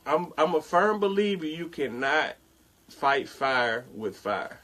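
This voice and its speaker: A man's voice: on the high side, slow pace. A young man casually telling a story on a talk show and acting out what other people said. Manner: animated retelling, acts out others' lines. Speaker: podcast co-host.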